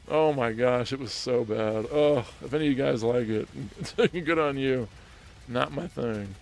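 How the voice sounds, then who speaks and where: A man's voice: medium pitch, moderate pace, creaky. A man hosting a gaming livestream, telling a story in a chatty way with frequent laughter and restarts, with faint music behind him. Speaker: streamer host.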